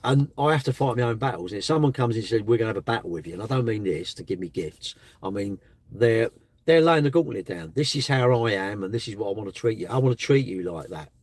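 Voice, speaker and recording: A man's voice: on the low side, expressive, fast, a little mellow, no room sound. A man hosting a live stream, chatting bluntly and casually with his viewers. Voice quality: blunt, chatty, slangy delivery.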